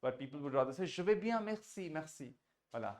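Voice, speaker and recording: A man with an Indian English accent and a somewhat high voice, teaching French to beginners over a video call. He is patient, drills phrases slowly and repeats them, and moves back and forth between French and English. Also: animated, a little mellow. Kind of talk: online beginner French class.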